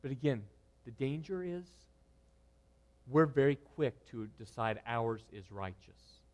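A man preaching a sermon, moving between loud, emphatic lines and hushed, quiet ones. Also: medium pitch, animated, slow pace. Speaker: pastor.

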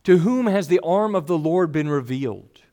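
A man preaching a sermon in a fairly high voice. He reads scripture aloud and acts out the people in the story, with plenty of expression. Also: animated, moderate pace, dark tone.

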